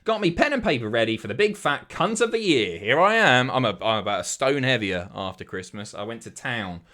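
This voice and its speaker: A man's voice: mid-range voice, lively intonation, brisk, pushed and bright. A man in his thirties, a streamer chatting casually, sweary and self-mocking as he reads out viewer messages, a bit out of breath.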